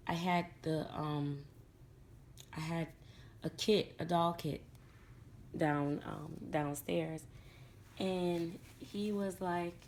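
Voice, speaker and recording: Gravelly-voiced woman telling a doll story. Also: lowish voice, darkish tone, slight background noise. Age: middle-aged. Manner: chatty, laughs while telling a story, acts out others' voices. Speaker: doll collector vlogger. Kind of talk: casual storytelling to camera.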